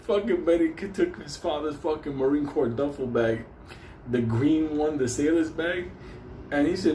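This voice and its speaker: A man tells a profane neighborhood story in a mellow, dark voice, laughing between lines. The sound is roomy and echoey, with a faint hum of ambience behind him. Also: on the high side, a little slow. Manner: animated, swearing constantly, laughing through the story. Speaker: storyteller host.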